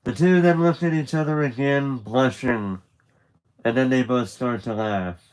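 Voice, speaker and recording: Man reading a story on a live stream, slow and loose, mid pitch, chatty asides. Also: clear, resonant tone, low-quality recording. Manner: loose and chatty, with restarts and laughter. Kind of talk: casual live read-along narration.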